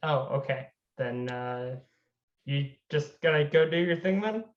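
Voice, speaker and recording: A player in a tabletop game, answering in a wry, deadpan way. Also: mid-range voice, unhurried, reverberant, dull audio. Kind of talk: casual role-play.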